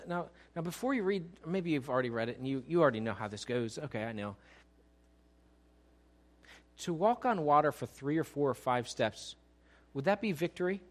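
A male pastor delivering a lively sermon in a fairly high voice. He acts out the story as he goes and shifts between loud bursts and soft, hushed lines. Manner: animated, acts out scenes, swings from loud to hushed.

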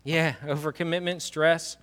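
A man preaching a sermon in a church, swinging between loud emphasis and quiet low lines and drawing answers from the congregation. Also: flat delivery, a little slow. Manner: asks the congregation questions and writes on a whiteboard. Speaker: pastor.

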